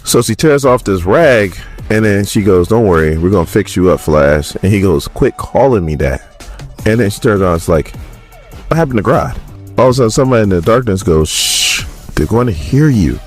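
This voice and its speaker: A man casually recapping a comic book, quoting the characters in quick little voices as he goes. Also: lowish voice, expressive, a little mellow, faint music behind.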